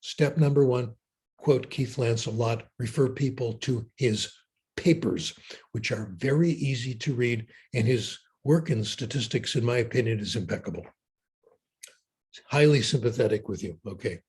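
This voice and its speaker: A man giving a keynote talk and answering audience questions in an opinionated, animated way with wry asides. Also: mid-range voice, moderate pace, husky. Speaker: keynote speaker.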